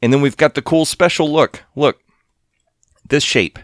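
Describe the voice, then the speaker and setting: A man hosting a gaming channel, giving excitable, casual commentary to viewers as he plays. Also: on the high side, measured pace, dry recording, clean studio sound. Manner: excitable, talks to viewers while playing.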